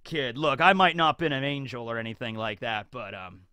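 A man voicing a gruff, cynical older navy captain locked in a cell, with a low, quiet, knowing drawl. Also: expressive, moderate pace.

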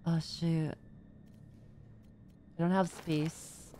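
Female streamer, playful gameplay chat, slow drawl. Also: lowish voice, a little hiss or hum. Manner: chatty, playful, excitable. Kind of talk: casual gameplay commentary.

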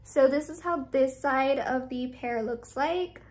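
High-voiced gushing young woman vlogger. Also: takes it slowly, darkish tone. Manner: gushing, effusive, repeats praise words. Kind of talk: casual unboxing vlog.

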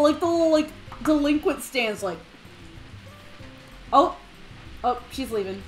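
Woman streamer, giggly and chatty, high voice that swings all over, soft game music underneath. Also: lively intonation, unhurried, pauses often. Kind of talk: casual let's-play commentary.

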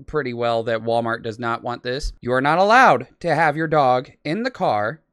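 A man's voice: mid-range voice, moderate pace, a bit bright, clear, resonant tone, no echo, studio quality. A man hosting a reaction video, commenting on clips in an irritated, ranting way.

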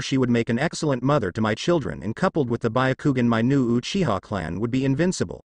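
Lively male story narrator. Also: medium pitch, no room sound, clean studio sound. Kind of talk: fan fiction narration.

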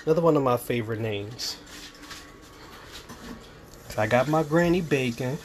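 A man's voice: mid-range voice, moderate pace, slight background noise. A young man, co-hosting a cooking livestream, reading viewer comments in a teasing, easygoing way. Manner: teasing, laughing easily. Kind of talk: casual livestream chat.

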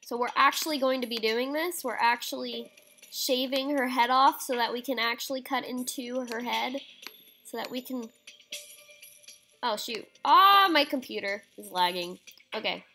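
A woman's voice: on the high side, moderate pace, bright, forceful tone, faint music behind, low-quality recording. A young woman playing a surgery game, chatting casually, reading prompts aloud and reacting with squeamish exclamations. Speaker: game streamer. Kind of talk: casual let's-play commentary.

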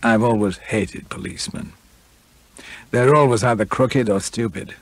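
A combative, hot-headed drunken writer, as the reader puts him on, blustering and indignant, pitched a little higher and louder than the narration. The gravelly, husky voice stays in a close, dry audiobook recording. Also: male voice, a little slow, dry recording, full character voice. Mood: scornful. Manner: blustering, indignant, rising to shouts.

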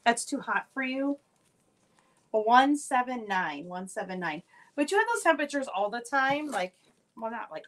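Woman, live-sale host, slightly high voice, chatty, upbeat, talks to viewers by name. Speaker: live-stream jewelry seller. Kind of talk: casual live-sale chat.

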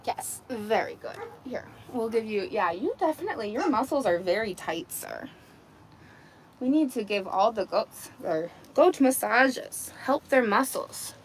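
A woman's voice: fairly high pitch, sing-song, a little slow, a little hiss or hum. A woman hosting a casual livestream outdoors among her goats, talking into a phone on a selfie stick, cooing baby talk to the animals and laughing often. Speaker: livestream host on a goat farm.

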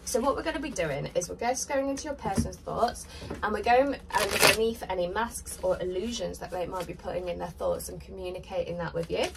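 A woman's voice: mid-range voice, fairly quick, vocal fry, distant mic, background noise. A woman giving a chatty, rambling pick-a-card tarot reading while congested with a cold. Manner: chatty, rambling, filler-heavy. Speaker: tarot reader.

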